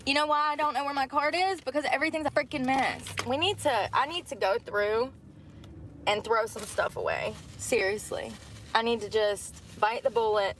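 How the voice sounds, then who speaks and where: A woman vlogging from inside her car, chatting candidly to viewers, rambling and swearing freely. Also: a little high. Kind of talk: casual chat to viewers. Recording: car interior with vehicle noise.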